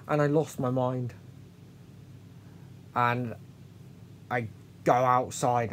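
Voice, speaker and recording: Man, vlogger, talks in halting restarts, confessional, mid pitch, faint low rumble behind. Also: fairly even intonation. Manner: halting, with many restarts and trailing pauses; earnest and confessional. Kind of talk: candid personal storytelling.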